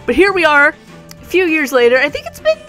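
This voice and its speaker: A young woman talks through her gacha summons in a fairly high voice, giggling and begging the game for the character she wants. She sounds excitable throughout, and soft game music plays faintly underneath. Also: a little fast. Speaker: YouTuber.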